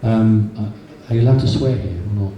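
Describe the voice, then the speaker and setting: In a meeting hall, a guest speaker gives an anecdotal public talk, chatty and storytelling, repeating words along the way. His fairly low voice is warm and brisk but sits far from the mic, and the room recorder captures a muffled, echoey sound with faint noise.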